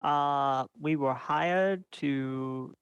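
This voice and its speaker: Hesitant man with a smooth voice. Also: on the high side, fairly bright tone, dry recording, dull audio. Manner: hesitant, halting. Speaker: player. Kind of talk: casual play chat.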